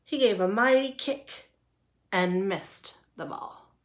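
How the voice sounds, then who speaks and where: A woman reads a children's picture book aloud, taking her time and leaning into every word with lively expression. Her voice sits at an ordinary pitch for a woman. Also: slow pace. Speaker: storyteller. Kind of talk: children's storybook read-aloud.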